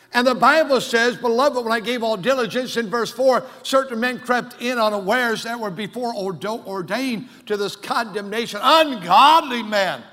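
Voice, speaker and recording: A man preaching a sermon as pastor, swinging from loud declarations to hushed asides. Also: very high voice, long reverb tail. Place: church sanctuary.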